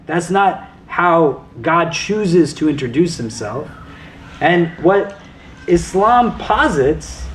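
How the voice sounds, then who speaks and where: A man's voice: on the high side, a little hiss or hum. A man in his thirties gives a casual, conversational lesson as a religious teacher, often checking in with the listener. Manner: conversational, often checks in with "right?" and "does that make sense?".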